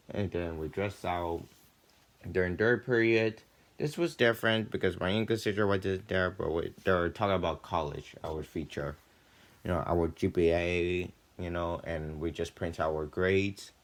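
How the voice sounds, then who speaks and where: A teenage boy with a notably deep, low voice talks through his school day as a casual vlog. He rambles along, filling every gap with "like" and "you know", and lifts his pitch and volume whenever he retells a scene. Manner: loose and chatty, full of "like" and "you know"; often animated, with jumps in pitch and volume when retelling. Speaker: student vlogger.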